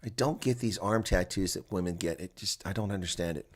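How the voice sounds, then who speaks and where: A man calling a rugby match live as a chatty, excitable watch-along commentator, with a congested throat that keeps him coughing. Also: sits low, a little fast, husky. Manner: chatty and excitable, laughs at players' mistakes. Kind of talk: live play-by-play reaction commentary.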